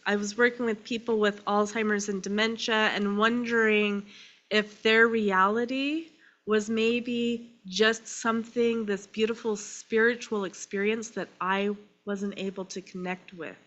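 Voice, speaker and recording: A woman minister preaching a sermon. She is crying and speaks in short phrases with pauses. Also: fairly high pitch, fairly even intonation, a bit bright, lo-fi sound. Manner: slow, emotional and tearful, with pauses between phrases.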